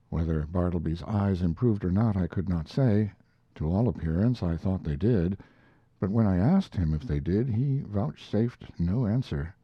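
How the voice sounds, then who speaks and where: A man reading a classic story aloud as audiobook narration, measured and expressive. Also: low voice, husky, no room sound. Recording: dull lo-fi recording.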